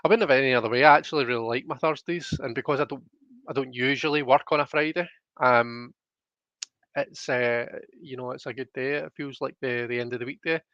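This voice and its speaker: A young man with a Scottish accent rambles easily through viewer comments on a live stream, with plenty of ums and restarts. His voice sits at an ordinary middle pitch. The sound is dry and slightly dull. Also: fairly even intonation, brisk, a bit bright, no room sound. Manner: rambling, chatty, frequent fillers. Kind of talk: casual live chat reading comments.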